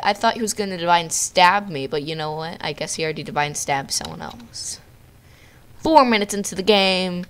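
A woman giving playful, jokey live commentary on her own gameplay, with quick outbursts at the game. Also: lowish voice, fairly bright tone, clean tone. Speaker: gamer narrating her own video.

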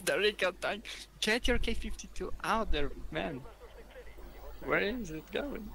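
Ein Mann mit polnischem Akzent, Polnisch als Muttersprache, der beim Spielen locker plaudert und seine Mitspieler neckt. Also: male voice, sits high, expressive, unhurried, creaky, sharp tone. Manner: joking, teasing banter. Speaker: streamer playing a tank game. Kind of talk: casual gaming chat. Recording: noisy home mic.

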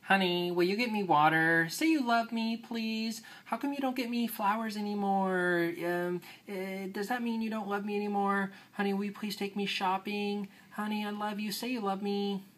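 Comic bit: man doing a whiny, needy ex-girlfriend, pitched way up. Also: fairly even intonation, moderate pace, few pauses, fairly bright tone. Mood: whiny pleading. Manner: whiny, pleading. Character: whiny clingy adult ex-girlfriend.

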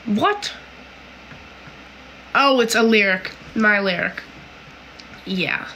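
A woman's voice: mid-range voice, drawn-out words, bright, forceful tone, slight background noise, low-quality recording. A woman from Canada hosting a casual livestream, reading viewer comments aloud and answering them in a chatty, giggly way full of "like"s and "um"s.

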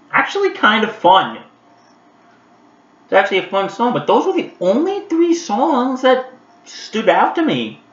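Man, casual review vlog, chatty, fairly high voice, echoey room, dull lo-fi sound. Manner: chatty and animated, many fillers, talks straight to viewers. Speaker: vlogger reviewing animated specials.

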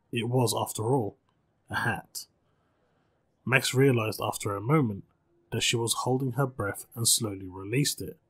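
A man reading a spooky short story aloud with calm, measured narration, as channel host. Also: on the low side, husky.

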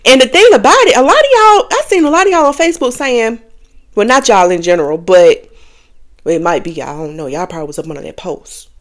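A woman's voice: fairly high pitch, expressive, fairly quick. A young adult woman hosting a podcast, talking candidly and casually to her viewers, often laughing. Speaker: podcast host. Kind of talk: casual confessional chat.

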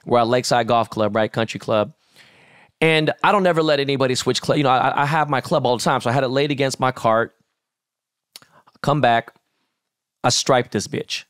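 Profane, animated man telling podcast stories. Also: mid-range voice, fairly quick, no echo, studio quality. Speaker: podcast co-host. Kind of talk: casual podcast chat.

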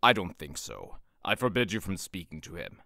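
A man's voice: low voice, wildly swooping pitch, normal speed, creaky, bright, forceful tone, no echo, studio quality, full character voice. A man voicing a stern male fox general and protective father in an audio drama, commanding and harsh.

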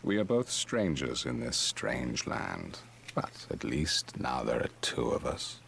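Sardonic game merchant, slow, lively sneering lilt, knowing. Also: male voice, very deep voice, creaky, a little hiss or hum, full character voice. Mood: wry. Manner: dry, mocking, knowing. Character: sardonic mysterious male wanderer merchant, wry. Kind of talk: video game voice acting.

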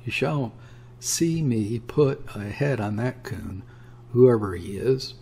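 A man voicing a boisterous, scornful young sailor who talks bluntly and roughly. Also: medium pitch, lively intonation, takes it slowly, dark tone, heavily acted. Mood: blustering. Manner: blunt, offhand and rough-spoken.

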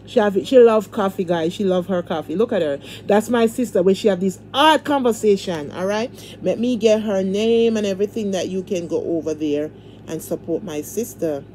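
A woman's voice: medium pitch, normal speed, warm tone, a little hiss or hum. A woman hosting a casual livestream, talking in a fervent, repetitive, preacher-like way and pleading with her viewers. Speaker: livestream host.

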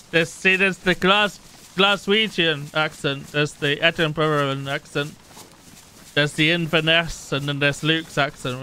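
Bright-voiced joking streamer guy. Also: fairly high pitch, slight background noise, poor audio. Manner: joking banter. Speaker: streamer playing with friends. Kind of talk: casual gaming chat.

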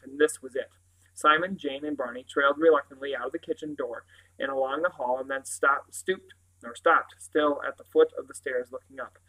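A man reads a children's novel aloud in steady, plain narration. His voice sits slightly high for a man. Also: low-quality recording. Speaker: reader.

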